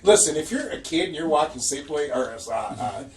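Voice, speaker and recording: A man's voice: fairly high pitch, fairly quick. A man co-hosting a casual podcast, telling profane stories with frequent laughter. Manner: profane animated storytelling, laughs often. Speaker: podcast co-host. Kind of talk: casual chat. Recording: echoey room from a distance, faint noise.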